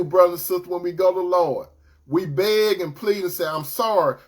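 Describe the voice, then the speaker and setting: Male preacher, higher register, chatty sermon delivery that keeps calling on brothers and sisters. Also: fairly bright tone. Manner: conversational preaching, addresses listeners as brother and sister.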